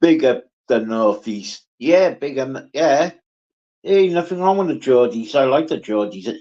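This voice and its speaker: A man on a casual livestream, slowly chatting, swearing freely and answering viewers by name. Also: mid-range voice, expressive, mellow, highs cut off. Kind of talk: casual live chat.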